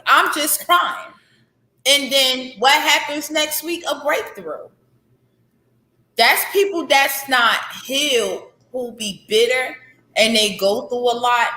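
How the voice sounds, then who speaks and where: A woman's voice: a little high, lively intonation, slow, pushed and bright. A woman in her thirties, an author guest, speaking candidly and heartfelt about faith and healing, repeating phrases for emphasis. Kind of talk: candid interview conversation. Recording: echoey room.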